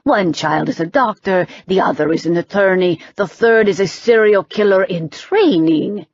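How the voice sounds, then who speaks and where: A woman voicing a sharp-tongued older witch and mother, mocking and shrill. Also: moderate pace, no echo, dull audio, natural voice. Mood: scolding. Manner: mocking, shrill, sing-song.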